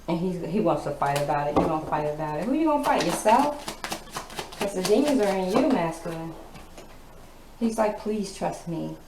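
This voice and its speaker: A woman giving a casual tarot reading. She talks bluntly, with a sassy tone and plenty of swearing. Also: lowish voice. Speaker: tarot reader. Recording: echoey room with background noise.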